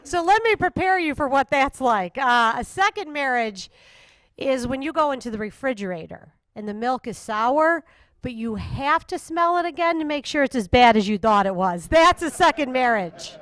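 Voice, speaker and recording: A woman's voice: high voice, lively intonation, moderate pace, a bit bright, no echo. A woman headlining a comedy show with dry, sardonic stand-up on stage. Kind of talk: stand-up set.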